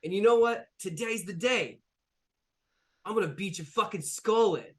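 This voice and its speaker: A man voicing a big, beefy male bruiser who yells angry threats in a raised voice. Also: on the high side, brisk, lightly acted. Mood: furious. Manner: yelling, swearing threats.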